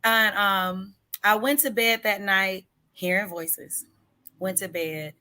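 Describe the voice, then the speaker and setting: A woman's voice: medium pitch, fairly even intonation, slow pace, bright, forceful tone. A woman, a singer-songwriter, telling a personal story in an interview in an earnest, emphatic way, stretching words to stress them. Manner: candid about hard personal struggles.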